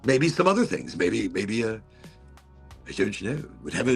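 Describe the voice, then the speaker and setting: Middle-aged dude rambling on his podcast, gravelly, swears a lot, choked up, music low behind. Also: big pitch swings, normal speed. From Florida. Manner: rambling, profane, emotional, frequent restarts. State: tearing up. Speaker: podcast host. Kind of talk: casual chat.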